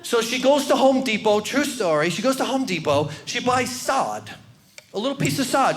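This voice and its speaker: A male comedian works a stage through a handheld mic. His voice sits high and swings widely, and he talks in an animated way, shouting some lines for effect. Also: moderate pace, soft background music. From New York. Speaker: stand-up comedian. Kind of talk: stand-up comedy routine.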